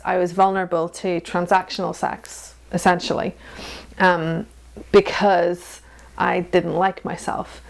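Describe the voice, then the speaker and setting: A woman's voice: lowish voice, vocal fry. A woman in her thirties, an interview guest, talking frankly and animatedly and laughing often. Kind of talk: candid personal conversation.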